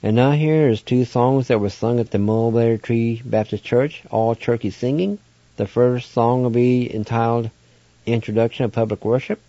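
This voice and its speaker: A man's voice: mid-range voice, steady tone, normal speed, warm tone, no room sound, muffled recording. A man hosting a radio language lesson, spelling each word out letter by letter and then sounding it out syllable by syllable. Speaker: radio host teaching vocabulary.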